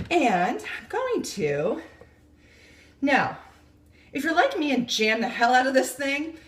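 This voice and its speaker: A woman's voice: fairly high pitch, a bit bright, a little hiss or hum. Breathless upbeat woman coaching a workout. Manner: upbeat, counting reps, coaching cues. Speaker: fitness instructor. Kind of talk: home workout instruction. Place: home kitchen. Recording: echoey room, voice from a distance. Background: kitchen clicks, blender.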